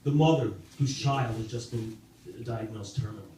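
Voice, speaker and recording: A man doing a halting, self-deprecating stand-up set with many fillers and restarts, in a club basement with a live audience. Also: fairly low pitch, mellow. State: sober, in recovery. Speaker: stand-up comedian. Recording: very echoey room, distant mic, audible noise.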